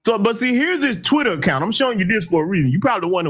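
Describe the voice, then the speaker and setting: Man host, high voice, lively swings, emphatic, taunting commentary. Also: very fast. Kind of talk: heated commentary broadcast.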